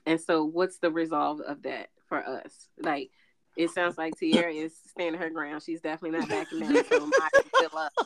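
A woman hosting a casual podcast chat as a mother, talking calmly and steadily and telling stories with frequent "mm-hmm"s. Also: low-pitched, gravelly. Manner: calm, steady, storytelling, with quick affirmations.

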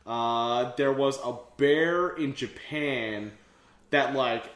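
A man rambles through a casual podcast recap, heavy on fillers and the odd curse. His voice sits at an ordinary middle pitch. The sound has a roomy echo to it. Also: very slow, a bit bright. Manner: rambling, full of fillers and swearing. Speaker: podcast co-host. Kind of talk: casual episode recap chat.

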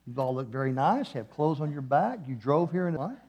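Impassioned male preacher, hushed to loud. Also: a little high, lively intonation, brisk. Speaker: guest preacher. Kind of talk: sermon. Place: church.

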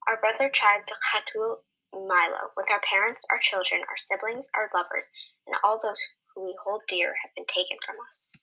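A woman voicing a sorrowful, very old male priest who preaches gravely in a storybook reading. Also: medium pitch, steady tone, normal speed, pushed and bright, poor audio. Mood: mournful. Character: sorrowful ancient male priest of a desert tribe.

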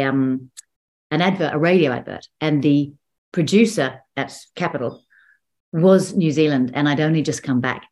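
A woman actor talking casually in an interview over a video call, chatty and full of restarts. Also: deep voice. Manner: chatty, restarts often, laughs between stories. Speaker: actor and guest.

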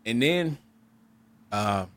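A man's voice: medium pitch, expressive, extremely slow, a bit bright. A man co-hosting a podcast, candidly telling a personal story in an earnest, reflective way and often restarting and repeating words. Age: adult. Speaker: podcast co-host.

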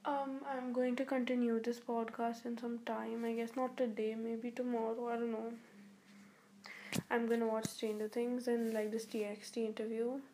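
A teenage girl talking on her own podcast in a groggy, worn-out voice. She speaks a little high but fairly flat, with a mellow, soft tone. She rambles on with fillers and restarts. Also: moderate pace, a little hiss or hum. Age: teens. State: groggy, weak-sounding voice. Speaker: podcast host. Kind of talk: casual solo podcast chat.

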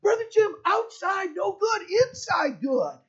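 A man voicing a crowd of excited young children who chant in short, broken phrases, on a dull lo-fi recording. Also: extremely high pitch, takes it slowly, voice pushed up, heavily acted. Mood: insistent.

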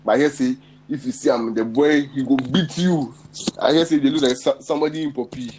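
Young man, casual friend chat, animated storyteller, mid pitch. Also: fairly quick, a little hiss or hum, rough recording. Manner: animated storytelling in pidgin-laced slang.

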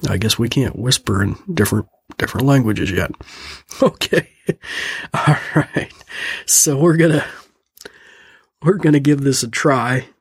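Speaking a little slowly with long pauses, a male host of a tech training program explains procedures in a homespun, laughing manner. His voice is medium-pitched and slightly rough, recorded dry on a close studio microphone for this casual spoken tutorial.

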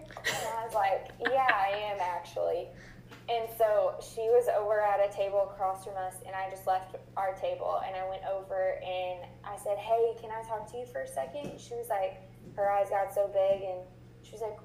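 A woman's voice: medium pitch, normal speed, a little mellow. Chatty woman telling a story. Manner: chatty, lots of "like" and "I was like". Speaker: church member sharing a story. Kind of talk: casual storytelling. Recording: echoey room with faint hum.

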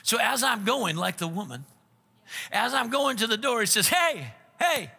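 Gravelly animated preacher in a hall. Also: male voice, high-pitched, moderate pace. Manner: animated preaching, acting out quoted voices. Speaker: pastor. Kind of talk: sermon. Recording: long reverb of a large hall.

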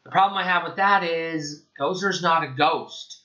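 A man's voice: on the high side, normal speed, sharp tone, muffled recording. A man giving a casual spoken film review, sarcastic and profane, rambling as he goes.

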